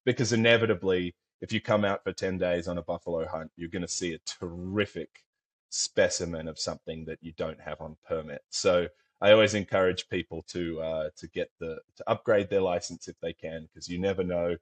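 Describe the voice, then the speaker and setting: A man's voice: low voice, steady tone, brisk. A man from Australia with an Australian accent, a professional hunter talking in a thoughtful, rambling way, full of fillers, as a podcast guest. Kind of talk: casual conversation.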